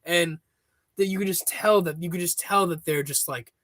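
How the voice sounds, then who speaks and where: A man with a slightly raised voice talks casually as a podcast guest. He rambles, loops back over his words and builds up excitement. The sound is dry and close, with no room in it. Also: high-pitched, normal speed, dry recording. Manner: rambling, restarts often, excitable. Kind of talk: casual chat.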